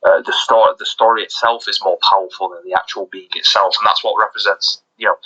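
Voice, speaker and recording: A man co-hosting a podcast in casual chat, talking excitedly with lots of restarts. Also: fairly low pitch, fast talker, breathy edge, highs cut off. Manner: excited, rambling with many restarts. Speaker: podcast co-host.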